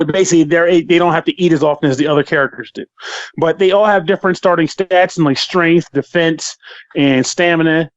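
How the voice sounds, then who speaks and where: Animated, joking male podcast co-host. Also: a little high, a little fast, no echo, dull audio. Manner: animated, joking, profane rants. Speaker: podcast co-host, game reviewer. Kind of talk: casual chat.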